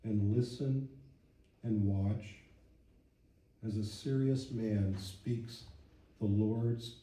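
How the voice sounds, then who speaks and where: A man's voice: on the low side, steady tone, very slow, mellow. A man in his seventies reading his poems aloud at a public reading, wry and reflective, in a church hall. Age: 70s. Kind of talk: poetry reading. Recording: echoey hall, mic at a distance.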